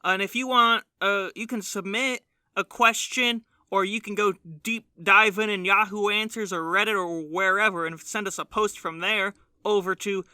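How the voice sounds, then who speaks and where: A young man co-hosting a podcast with a high, very bright, sharp voice. He jokes and exaggerates, swearing casually. The sound is close and dry. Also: steady tone, moderate pace, smooth, no room sound. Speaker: podcast co-host. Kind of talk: casual chat.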